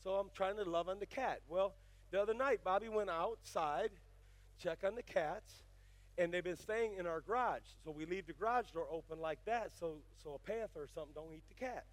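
Older preacher guy, real high bright voice, folksy then fired up, dry close sound. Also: brisk, no echo. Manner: folksy storytelling that builds to fiery shouted preaching. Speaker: pastor. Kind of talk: sermon.

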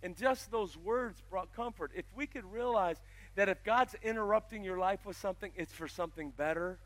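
A man preaching a sermon, telling stories and rising to loud, emphatic passages. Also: high voice, normal speed. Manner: storytelling, swells loud and emphatic. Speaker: pastor.

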